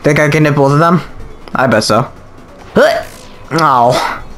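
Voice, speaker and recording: A man's voice: fairly high pitch, takes it slowly, a bit bright, soft background music. A man giving casual gameplay commentary, chatty and reactive, thinking aloud as he plays. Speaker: let's play host.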